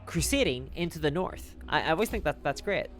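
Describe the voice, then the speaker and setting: Over background music, a man with a somewhat high voice talks fairly quickly as he livestreams a strategy game. He rambles casually and stays lively, chatting while he plays and reads the chat, giving live gameplay commentary.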